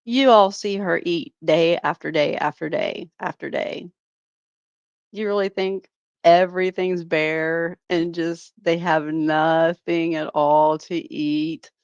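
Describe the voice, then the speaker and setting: A woman's voice: on the low side, steady tone, slow, clear, resonant tone, no echo, muffled recording. A woman hosting a reaction channel, giving mocking, sarcastic commentary and laughing often.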